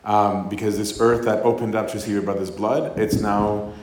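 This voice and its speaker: A man preaches in an easy, chatty way, reading scripture aloud and then unpacking it in everyday words. His voice sits a little low. The room around him is echoey. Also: steady tone, normal speed. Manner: conversational, tags lines with "right?", acts out voices. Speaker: priest giving a talk. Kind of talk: casual sermon with scripture reading.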